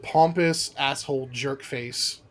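A man's voice: medium pitch, takes it slowly. A man co-hosting a casual podcast chat, enthusiastic and talking in long stretches. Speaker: podcast co-host.

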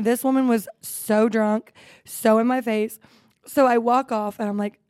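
Animated woman in her thirties. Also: on the high side, normal speed, clean tone, dry recording, clean studio sound. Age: 30s. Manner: animated storytelling with frequent swearing and laughs. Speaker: podcast co-host. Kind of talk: casual chat.

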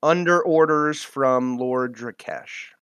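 A man's voice: medium pitch, takes it slowly, fairly bright tone, clear, resonant tone, no room sound, studio quality. A man playing a tabletop game, asking blunt, questioning things of a captive. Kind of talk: casual tabletop play.

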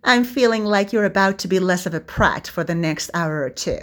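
A woman's voice: on the low side, a little fast, lightly acted. A woman voicing a cheeky, fretful young male servant who bickers and pleads with his master. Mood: bickering servant.

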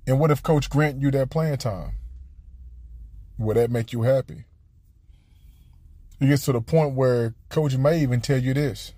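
A young man and former college basketball player telling a casual story, animated and acting out quotes with jumps in his voice. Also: medium pitch, a little slow, long pauses, no room sound.

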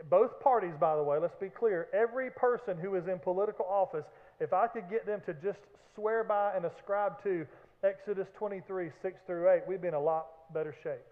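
A man preaching a sermon as pastor, animated, with acted-out shouts and joking asides. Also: high-pitched. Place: church sanctuary. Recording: echoey hall, phone-like band.

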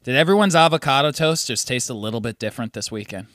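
Bright-voiced laid-back male podcast host. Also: mid-range voice, lively intonation, fast, dry recording, clean studio sound. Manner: laid-back, swearing, storytelling with quoted voices. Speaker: physical therapist. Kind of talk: casual chat.

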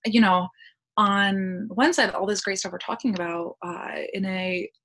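A woman, a podcast guest, chatting casually and telling stories with quick laughs and acted-out dialogue. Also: medium pitch. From United States. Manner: lively storytelling, quick laughs, acts out dialogue. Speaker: podcast guest, language content creator. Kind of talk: casual interview chat.

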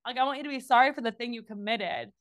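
Lady podcast cohost, chatty and animated, smooth clear voice, dry close sound. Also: fairly high pitch, quick pace, dry recording, highs cut off. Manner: chatty and animated, many likes and asides. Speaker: podcast co-host. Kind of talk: casual faith podcast chat.

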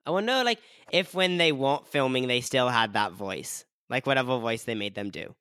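A man's voice: medium pitch, expressive, normal speed, bright, forceful tone, clean tone, no echo, studio quality. A young man co-hosting a casual podcast, giggling often and saying "like" constantly as his thoughts trail off. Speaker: podcast co-host. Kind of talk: casual chat.

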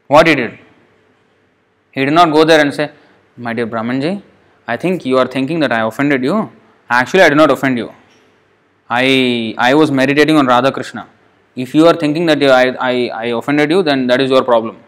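Guy preaching a devotional class, middle pitch, lots of rhetorical questions and restarts, gets scolding and emphatic. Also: a little fast, long pauses, fairly bright tone. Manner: scolding, emphatic tone when addressing the mind. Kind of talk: devotional sermon.

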